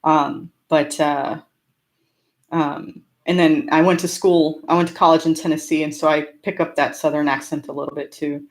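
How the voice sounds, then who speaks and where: A woman's voice: low voice, flat delivery, normal speed. A woman from California with a slight rural twang, hosting a casual live-stream Q&A and answering chat in a chatty, upbeat way with frequent laughs. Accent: slight rural American twang. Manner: chatty and upbeat, laughs often between remarks. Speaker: homesteading channel host.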